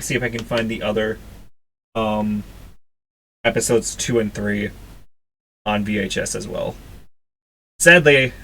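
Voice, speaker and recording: A man's voice: mid-range voice, bright, forceful tone, a little hiss or hum. A young man casually reviewing his own drawings, chatty and self-deprecating, with many fillers and restarts. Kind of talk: casual commentary.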